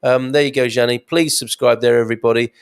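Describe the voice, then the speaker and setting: English male host for a comment-reading live stream; chatty, rambling, quick to chuckle. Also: medium pitch, fairly even intonation, vocal fry, smooth. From England.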